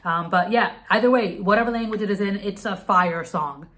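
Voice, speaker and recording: A woman's voice: medium pitch, brisk, a bit bright. A young woman whose first language is Telugu, chatting bubbly and casually through her monthly favorites with many restarts. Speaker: vlogger.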